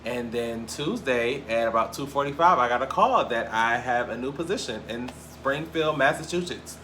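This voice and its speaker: A young man from Cleveland hosting a casual gossip show, talking in a lively, profane way with big swings between loud and quiet. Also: medium pitch, moderate pace, a little hiss or hum. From Cleveland, Ohio. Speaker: podcast host. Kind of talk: casual celebrity gossip chat.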